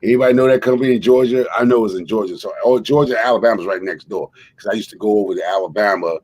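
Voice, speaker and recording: A man's voice: on the low side, racing, darkish tone, husky, poor audio. A man, hosting a stream and telling exaggerated comic stories with lots of laughter. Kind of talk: joking storytelling on a livestream.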